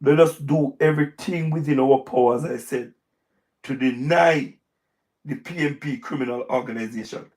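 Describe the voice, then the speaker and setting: Hoarse gravelly Jamaican man. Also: medium pitch, moderate pace, darkish tone. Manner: repetitive, emphatic, speaks in patois. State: hoarse, voice wearing out. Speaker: livestream host. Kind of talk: live-stream political commentary.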